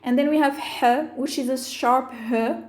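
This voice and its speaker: Female language teacher, high voice, careful measured delivery, roomy echo. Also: steady tone, a little mellow. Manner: slow, careful listing of sounds and terms. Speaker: Arabic teacher. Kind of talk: explaining phonetics with slides.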